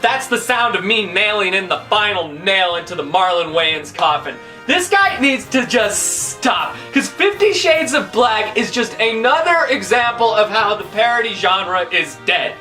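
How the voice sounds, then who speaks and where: A woman's voice: medium pitch, lively intonation, measured pace, hardly any pauses, pushed and bright, faint music behind. A woman movie reviewer ranting through a countdown of bad films, exasperated and profane.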